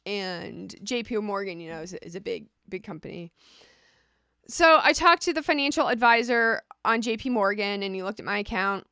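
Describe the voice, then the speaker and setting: A woman's voice: medium pitch, expressive, moderate pace, sharp tone, smooth, dry recording, studio quality, soft background music. A woman vlogging casually, explaining things chattily and often repeating a rhetorical "right?".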